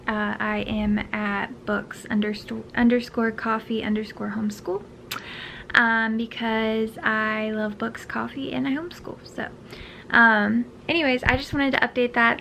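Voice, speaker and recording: Brief: tired woman book vlogger, rambling casual chat, voice sits a bit high, faint hiss behind. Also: little pitch movement, moderate pace, vocal fry, fairly bright tone. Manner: chatty, rambling, with frequent fillers. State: tired, yawning.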